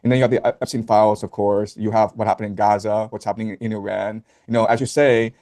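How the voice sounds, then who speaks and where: A man speaking as a guest on a casual stream, laying out his view in a measured way with frequent ums. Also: fairly low pitch, level tone, warm tone. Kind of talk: casual chat.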